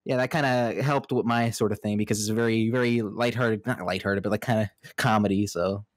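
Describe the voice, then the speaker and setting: A man's voice: lowish voice, fairly even intonation, a little fast, dry recording, studio quality. A man co-hosting a podcast, talking casually and hesitantly, often restarting his sentences. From United States.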